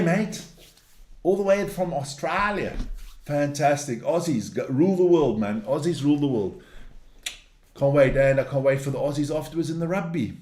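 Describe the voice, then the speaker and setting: A man's voice: medium pitch, darkish tone, reverberant. A man hosting a sports news show, reading through results in a casual, blunt and opinionated way, ranting and cursing as he goes.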